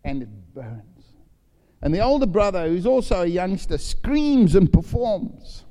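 An older man with a high, mellow, sing-song voice preaches a sermon at a measured pace. He tells a personal story and acts out the voices of the people in it. A long hall reverb surrounds his speech.

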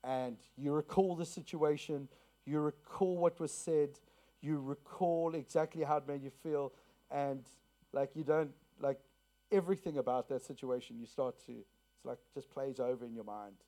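Guy preaching to a church, bit high pitched, warm mellow sound, earnest and repetitive, from south africa. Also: normal speed. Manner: earnest, repeats key phrases, asks congregation questions. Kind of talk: sermon with personal story. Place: church to a congregation.

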